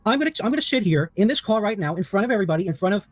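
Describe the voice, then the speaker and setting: A man's voice: high voice, lively intonation, racing, dry recording. Man, group call, heated, defensive, emphatic, dry sound, faint music. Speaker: caller defending himself.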